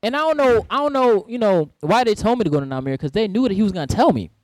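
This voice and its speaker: A young man hosts a casual panel chat in a school, telling his stories with playful energy. His pitch swings widely as he goes. The sound is dry and close. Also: fast, no echo. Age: young adult. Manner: animated, playful storyteller. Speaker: school staff and podcast host. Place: school room.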